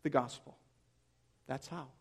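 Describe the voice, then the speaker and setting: A man's voice: medium pitch, steady tone, measured pace, husky. A man preaching a sermon as pastor, earnest and emphatic, posing rhetorical questions to his listeners.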